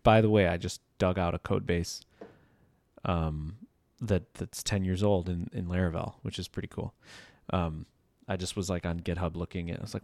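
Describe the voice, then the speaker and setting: A man's voice: low-pitched, creaky, a little mellow, dry recording. A man in his thirties talking casually in a loose, rambling monologue, full of "like" and "you know", as a podcast host.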